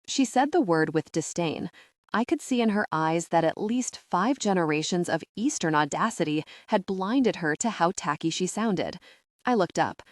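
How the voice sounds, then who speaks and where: A woman narrating a first-person audiobook with an expressive, measured reading. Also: fairly low pitch, dry recording, clean studio sound.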